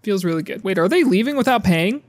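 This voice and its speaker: A man giving sarcastic, profane commentary while playing a game, often yelling at the game characters. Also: high voice, animated, fast talker. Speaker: gaming YouTuber. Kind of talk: casual gameplay commentary.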